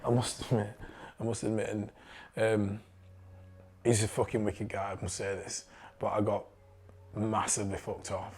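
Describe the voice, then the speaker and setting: Yorkshire man, young, lowish pitch, blunt and sweary, faint music underneath. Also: little pitch movement, a little mellow. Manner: candid, swears freely, halting restarts. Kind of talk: casual personal story.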